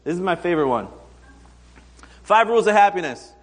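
A man's voice: high voice, animated, brisk. Storytelling man preaching in a reverberant hall. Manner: conversational storytelling with comic quoted voices. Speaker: pastor. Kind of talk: sermon.

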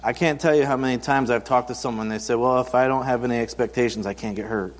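This thirty-something preacher moves quickly, his mid-range voice holding a fairly even intonation. His sermon is chatty and story-driven, with quoted characters acted out for humor, all echoing through a hall with long reverb.

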